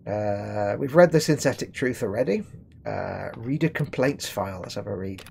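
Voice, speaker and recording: A man's voice: mid-range voice, expressive, moderate pace, gravelly, darkish tone, slightly rough. A British man streaming a game, chatting casually and reading in-game letters aloud with wry, swearing asides. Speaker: gaming streamer. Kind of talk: casual let's-play commentary, reading in-game texts.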